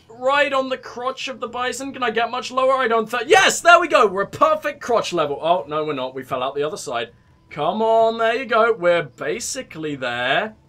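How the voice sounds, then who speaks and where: High, lively sarcastic gaming host. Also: male voice. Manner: sarcastic, rambling, crude jokes. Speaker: let's play host. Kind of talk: comedic gameplay commentary.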